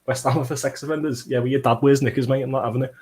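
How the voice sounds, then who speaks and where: A young man hosting a football watchalong livestream, bantering and swearing as he reads out chat comments, with bursts of excited play-by-play. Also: medium pitch, very fast, breathy edge. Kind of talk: casual livestream chat and match reaction.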